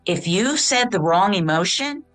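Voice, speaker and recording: A woman's voice: mid-range voice, expressive, unhurried, a bit bright, no echo, soft background music. Chatty woman hosting a podcast. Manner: enthusiastic, chatty. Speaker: podcast host. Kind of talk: conversational podcast interview.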